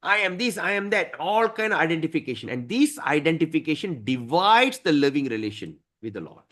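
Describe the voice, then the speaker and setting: A man teaching a devotional scripture class, emphatic and often clearing his throat. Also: fairly high pitch, big pitch swings, fairly quick, fairly bright tone.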